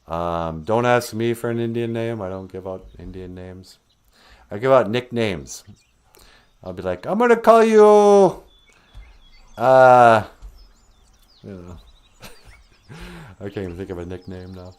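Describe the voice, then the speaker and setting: A man's voice: deep voice, moderate pace, clear, resonant tone. A man hosting a comedic puppet show, rambling and giggling at himself. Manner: rambling, giggly, self-deprecating.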